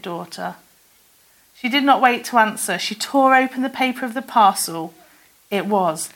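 A woman reading a children's story aloud in a gentle, soft-spoken way, giving the characters their own lines. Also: on the high side, normal speed.

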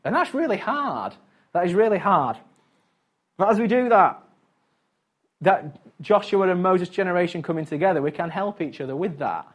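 A fairly high-voiced man gives a relaxed sermon in a chatty tone. He pokes fun at himself and keeps turning aside to talk straight to his listeners. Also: normal speed, pauses often. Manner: chatty and self-mocking, with frequent asides. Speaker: preacher. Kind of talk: casual conversational sermon.

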